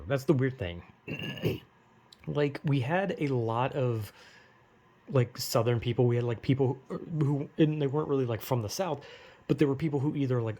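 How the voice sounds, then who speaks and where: A man's voice: mid-range voice, darkish tone. A young man with a general American accent, rambling casually and self-deprecatingly in a monologue vlog. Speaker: vlogger.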